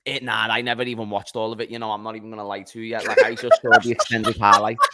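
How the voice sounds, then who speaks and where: A man's voice: fairly low pitch, wildly swooping pitch, fast, a loud crowd. A man from Liverpool with a London accent, a panelist chatting about football in a laid-back, jokey way. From Liverpool, England. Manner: laid-back, jokey banter with local slang. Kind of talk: casual football chat.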